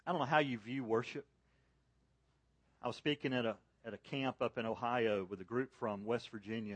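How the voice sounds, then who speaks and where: A man preaching a sermon to a church congregation, rising to loud, high emphasis on key points and falling soft and low in prayer. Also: no room sound. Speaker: pastor. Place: church service.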